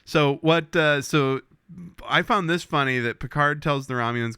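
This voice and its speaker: A man co-hosting a podcast, recapping a TV episode in casual chat, animated and swearing as he acts out characters' lines. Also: fairly high pitch, normal speed, smooth, dry recording. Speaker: podcast co-host.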